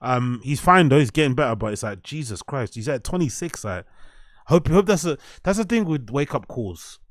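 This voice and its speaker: A man's voice: medium pitch, expressive, moderate pace, no room sound, studio quality. A young British man hosting a casual reaction show, sarcastic, swearing, and firing mock questions at his chat. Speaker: host.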